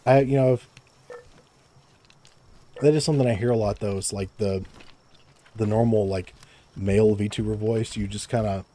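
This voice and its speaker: Speaking into a close desk mic, this young game streamer has a fairly low, mellow voice with a steady tone. He talks at normal speed but pauses often, and his casual chat is full of stammers, repeated words and frequent laughter.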